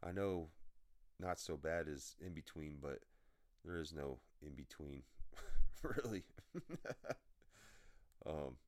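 A man's voice: extremely low pitch, measured pace, a little mellow. A man hosting a podcast, telling rambling, profane delivery-driver stories in a blunt, casual way. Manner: profane, blunt storytelling with frequent filler. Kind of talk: rambling anecdotal podcast chat.

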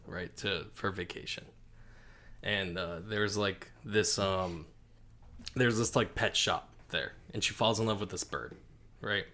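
A man rambles through a long joke, peppering it with likes and rights. His voice has a very bright, sharp edge, and he is relaxed and chatty. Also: low-pitched, measured pace. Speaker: podcast co-host. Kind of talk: casual joke-telling chat.

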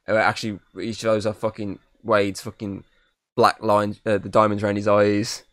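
A man's voice: on the low side, little pitch movement, moderate pace, a bit bright, no echo, clean studio sound. A man co-hosting a film podcast, recapping scenes casually with lots of swearing and fillers. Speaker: podcast co-host. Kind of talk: casual film review chat. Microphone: podcast mic.

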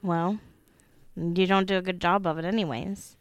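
A woman's voice: on the low side, fairly even intonation, normal speed, dry recording. A woman co-hosting a podcast, chatting casually and teasing her co-host with sassy, giggly remarks. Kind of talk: casual banter.

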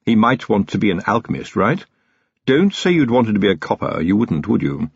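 Brief: male narrator voicing a sly, knowing manservant, high and lively, dry close recording. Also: fairly quick, gravelly, slightly rough, no echo, lo-fi sound, exaggerated voice. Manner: blunt, knowing, chatty. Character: shrewd cheeky male manservant, middle-aged.

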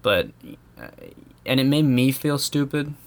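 A man's voice: medium pitch, sing-song, measured pace, vocal fry. An American man ranting casually in a rambling, profane way, chuckling often. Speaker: vlogger. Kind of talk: casual comedic rant.

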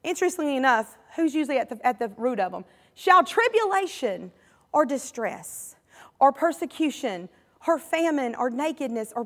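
Her voice sitting high and a bit bright in a large hall, a woman with a Southern American accent preaches fervently. She leans on repetition for effect and calls out to the congregation, asking for and getting their responses.

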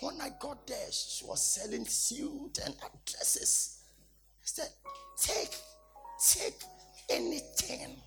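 Male preacher, high and lively delivery, dramatic storyteller, exclaims often. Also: slow, vocal fry, faint music behind. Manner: laughing, exclaiming, dramatic retelling. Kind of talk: animated sermon storytelling.

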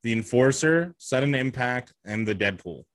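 A man's voice: mid-range voice, animated, normal speed, no room sound. A man co-hosting a podcast in casual chat, talking in a rambling way with lots of fillers and restarts. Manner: rambling, hesitant, many fillers.

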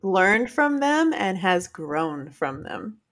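A woman co-hosting a casual podcast chat. She talks in a chatty, easygoing way, laughs often, and gets animated when she retells stories. Her voice sits in a middle pitch. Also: takes it slowly. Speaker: podcast co-host.

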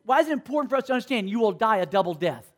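A man's voice: sits high, big pitch swings, very fast. A man preaching a sermon to a school audience, often stopping to ask the listeners questions and check that they follow. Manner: asks the audience questions, call and response. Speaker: speaker at a school.

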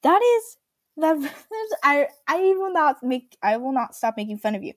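A woman's voice: high-pitched, animated, moderate pace, no room sound. Snarky young woman ranting casually. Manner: snarky, mocking, rambling with many fillers. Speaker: solo commentator.

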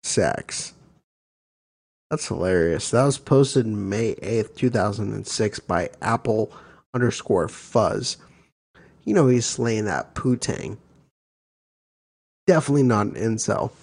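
A man's voice: on the low side, animated, unhurried, vocal fry, darkish tone, breathy edge. A man hosting a casual chat podcast, joking, swearing and mocking himself as he reads posts aloud. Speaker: podcast host.

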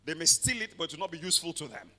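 A man preaching a sermon, swinging from quiet passages to shouted declarations and calling for amens. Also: on the high side, big pitch swings, racing, in a large hall. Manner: calls for amens from the congregation. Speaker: pastor.

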